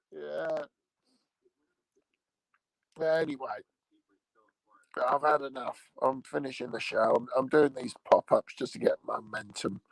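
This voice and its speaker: A man with a gravelly, slightly high voice hosts his own show in a loose, rambling monologue. He talks slowly and swears freely, joking as he goes. The sound is close and dry. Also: fairly bright tone, no room sound, poor audio. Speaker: streamer host.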